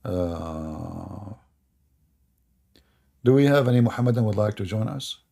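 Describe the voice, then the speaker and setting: A man's voice: on the low side, lively intonation, measured pace, gravelly, mellow. A man hosting a livestream and taking callers, talking in a sarcastic, mocking way with loose non-native grammar. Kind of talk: mocking religious-debate livestream.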